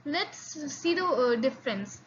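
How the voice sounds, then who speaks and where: A woman teaching an online language lesson, halting with many fillers and repeats, slowly drilling sounds for learners. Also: sits high, animated. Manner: slow drilled repetitions of sounds. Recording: slightly dull lo-fi audio with faint noise.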